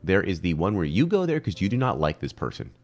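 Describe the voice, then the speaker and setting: Deep-voiced, animated joking man. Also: fast talker. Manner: animated, rambling, jokey, leaps up in pitch for emphasis. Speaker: podcast co-host. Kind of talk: casual chat.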